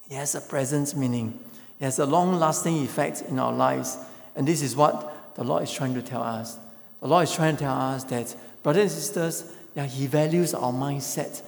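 A man's voice: on the high side, gravelly, darkish tone. A man preaching a sermon, emphatic and repeating phrases for stress. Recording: echoey hall with long reverb.

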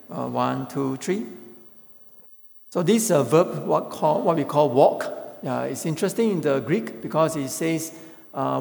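A man's voice: fairly high pitch, vocal fry, a little mellow. A man preaching a sermon, emphatic and repeating phrases for stress. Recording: echoey hall with long reverb.

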